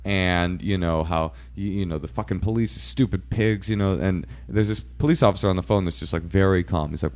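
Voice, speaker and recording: A man's voice: deep voice, quick pace, hardly any pauses. A man telling stories in a casual chat, acting out the people in them and swearing freely. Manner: animated storyteller, acts out voices and swears.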